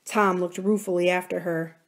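Low-voiced woman reading a novel. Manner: measured, even storytelling. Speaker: library reader.

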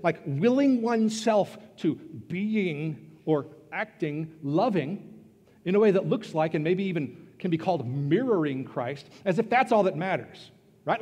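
A man preaching a sermon as pastor, earnest and emphatic, pausing and then rising into bursts of stress. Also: high voice, a little mellow, breathy edge. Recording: long reverb of a church hall.

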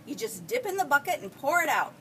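A woman's voice: high-pitched, big pitch swings, fast, a bit bright. A woman voicing a friendly, good-humored older male farmer in a read-aloud storybook, speaking in a patient, folksy way with a chuckle close by. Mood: kindly. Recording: distant mic, faint background hiss.

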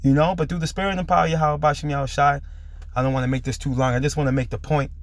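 Very fast and fairly even in intonation, this man's slightly high voice comes through with no room sound. He hosts a preaching video commentary while a little under the weather, speaking emphatically and finishing lines with "man."

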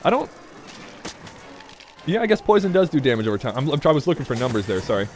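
A man's voice: mid-range voice, very animated, fast, faint music behind. A man doing loose, chatty commentary over a video game in a middle-of-the-road voice. He laughs easily, teases the characters on screen, and drifts into offhand asides between bursts of action. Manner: jokey, rambling, talks to the game, laughs often. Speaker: let's play gamer. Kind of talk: gameplay commentary.

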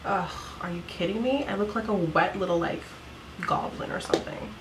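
A woman's voice: on the low side, normal speed, background noise. A woman in her thirties chatting through a makeup tutorial at home, giggly and full of "like" fillers. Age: 30s. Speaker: beauty vlogger. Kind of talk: casual makeup tutorial chat.

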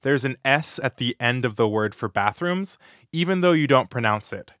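A man hosting a scripted language lesson, modeling phrases slowly and clearly with encouraging feedback. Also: medium pitch, expressive, fairly bright tone, dry recording, clean studio sound. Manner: slow, clear, encouraging pronunciation drills.

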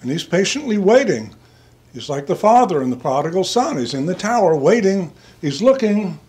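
Older male priest, somewhat high voice, chatty sermon that wanders and turns to people in the pews. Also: big pitch swings, moderate pace, a little mellow. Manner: chatty, digressive, addresses listeners by name, chuckles. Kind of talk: conversational sermon. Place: church.

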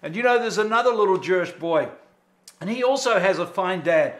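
A man's voice: high voice, expressive, fairly quick. A man preaching a sermon as pastor, emphatic and full of rhetorical questions. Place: church sanctuary. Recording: echoey church sanctuary.

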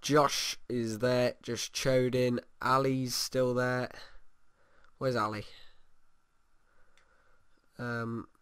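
A man's voice: medium pitch, level tone, very slow, long pauses, a bit bright, clear, resonant tone. Rambling man narrating a game. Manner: rambling, hums to himself. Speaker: gamer. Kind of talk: let's play commentary.

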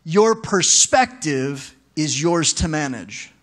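Animated high-voiced male pastor preaching. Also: slow. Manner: conversational, animated preaching with asides to the congregation. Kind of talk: sermon.

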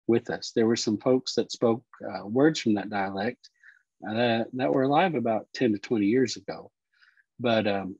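A man teaching Cherokee words and culture, explaining slowly and repeating each word. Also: lowish voice, darkish tone, slightly rough, no echo, muffled recording. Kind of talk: explanatory lesson talk.

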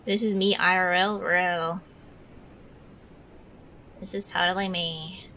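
A woman's voice: lowish voice, flat delivery, slow, pauses often, pushed and bright, slight background noise. A woman streamer in a playful role-play chat, putting on valley girl talk and cooing over her dog.

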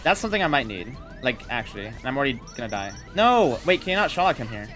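A young man giving excited live commentary while playing a video game, swearing, yelling and laughing at the fight. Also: mid-range voice, racing, over music. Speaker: gaming streamer.

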